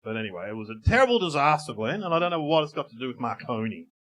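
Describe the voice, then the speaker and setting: Lively man telling jokes. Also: medium pitch, very fast. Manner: rambling joke-telling, laughs often. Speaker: co-host. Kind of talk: live comedy podcast banter. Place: pub in front of a live audience.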